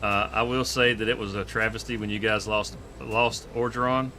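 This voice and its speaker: A man with a Southern Georgia accent, hosting a farming game live stream in a relaxed, rambling way with chuckles. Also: on the low side, moderate pace, slight background noise. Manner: laid-back, chuckling, rambling with fillers. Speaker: streamer host. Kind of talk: casual live-stream gaming chat.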